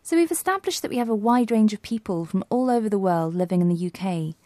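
A woman co-presenting a scripted educational podcast, posing questions and explaining clearly. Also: medium pitch, animated, fast talker, warm tone, no echo. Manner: clear, quizzing.

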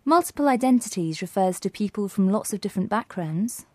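A woman with a mellow, warm tone hosts a scripted lesson, asking quiz questions and explaining terms clearly. The recording is dry and close. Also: mid-range voice, animated, a little fast, dry recording. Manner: clear, quizzing. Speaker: co-presenter. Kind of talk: scripted educational podcast.

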